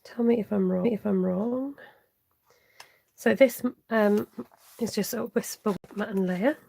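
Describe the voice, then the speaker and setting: A woman's voice: medium pitch, unhurried, vocal fry, mellow. A woman hosting a live card-making tutorial, chatting to viewers and muttering half-whispered asides to herself as she works. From United Kingdom. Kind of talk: live-streamed craft tutorial.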